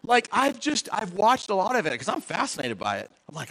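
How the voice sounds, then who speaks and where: A male pastor delivering a sermon in a high, very bright voice. His pitch swings widely as he jokes and quizzes the congregation. The delivery is animated and conversational. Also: a little fast, few pauses, low-quality recording. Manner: animated, joking, asks the audience questions.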